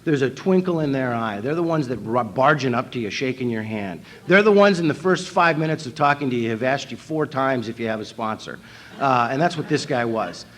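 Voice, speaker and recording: A man's voice: mid-range voice, expressive, fairly quick, fairly bright tone. A man from North Dakota telling his recovery story at a convention, wry and self-mocking, acting out his own past thoughts. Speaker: recovery meeting speaker. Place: convention hall.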